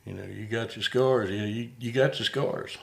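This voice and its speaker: Man, podcast host, low voice, gravelly, folksy, rambling, repeats words. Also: fairly even intonation, normal speed. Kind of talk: casual conversation.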